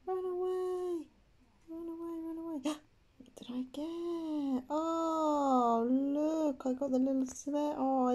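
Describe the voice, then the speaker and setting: A woman giving casual gameplay commentary, excitable and chatty, gasping and squealing as she talks to her viewers. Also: on the high side. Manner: chatty, addresses viewers as guys. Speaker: gaming channel host.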